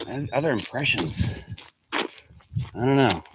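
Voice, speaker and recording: A man's voice: mid-range voice, animated, takes it slowly, noisy background. Chatty male teacher vlogging. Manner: chatty, rambling, answers comments aloud. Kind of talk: casual vlog to students.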